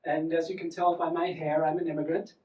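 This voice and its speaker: A man's voice: a little high, little pitch movement, brisk, muffled recording. A man in his forties with a South African accent, telling wry, self-deprecating stand-up stories on a theatre stage. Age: 40s. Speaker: comedian and solo performer. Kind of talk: stand-up storytelling. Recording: echoey theatre from far off.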